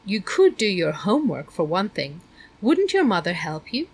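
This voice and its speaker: A woman's voice: medium pitch, very animated, normal speed, husky. A woman doing a stern, prying school principal. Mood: probing. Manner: lecturing, condescending.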